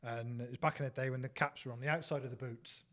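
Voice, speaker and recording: A man's voice: medium pitch, steady tone, fast, fairly bright tone. A man with an English accent telling rambling, laughing anecdotes in casual chat, swearing freely. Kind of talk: casual storytelling banter.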